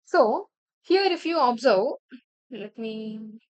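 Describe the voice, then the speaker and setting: A woman teaching a programming lesson over a screen share. She explains step by step and keeps checking with "right?" and "clear?". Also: fairly high pitch, lively intonation, takes it slowly. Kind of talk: screen-share coding tutorial.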